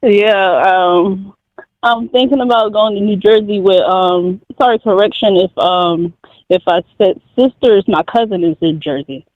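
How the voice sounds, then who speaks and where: A man in his twenties from North Carolina, calling in for advice, talking haltingly with many fillers and restarts. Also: high voice, dry recording. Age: 20s. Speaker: caller. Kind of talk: advice call-in conversation. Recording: tinny phone line.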